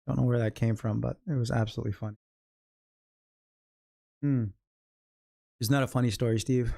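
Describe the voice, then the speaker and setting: This mid-range voice is gravelly and warm. It's a middle-aged Californian with an American accent who casually hosts a day-trading livestream, talking through charts with jokes and laughing at his own stories.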